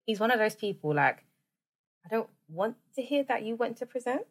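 A woman's voice: on the high side, lively intonation, moderate pace, breathy edge. A woman hosting a podcast, chatting casually and animatedly with slang. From United Kingdom. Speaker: podcast host. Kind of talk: casual chat.

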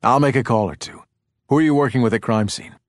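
A stubborn, defensive male forensic expert, as an audiobook narrator voices him, speaking in a measured, matter-of-fact tone at a middling pitch. The sound is dry, with no room echo. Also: natural voice.

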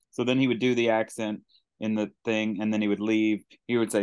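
A man's voice: on the low side, flat delivery, a little fast, darkish tone, clear, resonant tone, dry recording. A male podcast host in casual, jokey conversation. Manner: jokey, laughs easily. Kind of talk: casual chat.

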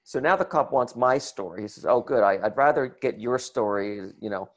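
A man telling a comic story to an audience, animated and acting out the people in it. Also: medium pitch, normal speed. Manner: animated, acts out voices and shouts in the retelling. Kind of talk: comic anecdote told to an audience.

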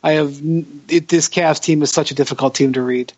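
A man's voice: a little high, fairly even intonation, fairly quick, darkish tone, no room sound. A tired man hosting a casual podcast chat, hesitant and restarting his sentences often. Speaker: podcast host. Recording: slightly muffled dry audio.

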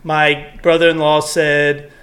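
A man's voice: on the high side, completely flat delivery, takes it slowly, a bit bright. A young man from Texas with a Texan accent, co-hosting a podcast and telling rambling stories with laughs. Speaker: podcast co-host. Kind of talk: casual chat.

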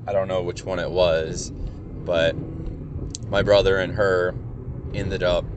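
A man's voice: deep voice, flat delivery, slow, highs cut off, background noise. A young man telling a rambling, profane story in a casual, wry way from inside a car. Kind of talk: casual anecdote.

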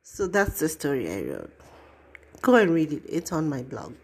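A middle-aged woman hosting a podcast, telling a story in a casual, expressive way, with dramatic asides and free swearing. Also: low-pitched, moderate pace, husky. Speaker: podcast host.

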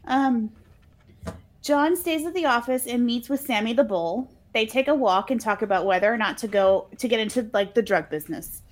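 A woman's voice: a little high, normal speed. A woman co-hosting a casual podcast, telling a movie scene by scene, laughing often and slipping into little voices when she quotes the characters. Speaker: podcast co-host recapping a movie. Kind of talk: casual chat.

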